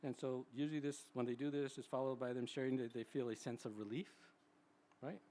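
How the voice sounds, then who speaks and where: A man's voice: medium pitch, steady tone, a little fast, dark tone. A man in his sixties, a psychologist, giving a conversational public talk at a live event and often checking in with "right?". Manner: chatty, tags sentences with "right?". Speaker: psychologist speaking at a symposium.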